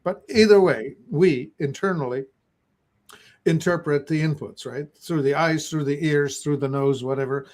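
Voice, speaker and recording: Man with a higher voice, reflective. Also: normal speed, darkish tone. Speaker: podcast co-host. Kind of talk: casual podcast chat.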